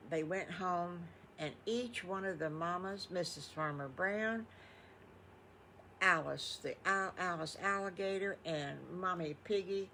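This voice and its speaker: Slow, gravelly older woman. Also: lowish voice, fairly bright tone, slight background noise. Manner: chatty and rambling, with fond exclamations. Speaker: storytelling grandmother. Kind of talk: improvised bedtime storytelling.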